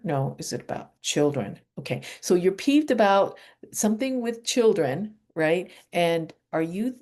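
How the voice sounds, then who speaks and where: A woman leading a guided energy healing session over a video call, speaking slow affirmations softly and asking questions aloud as she works through a chart. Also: on the low side. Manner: calm, slow affirmations with soft whispered repeats; asks herself questions aloud while dowsing a chart.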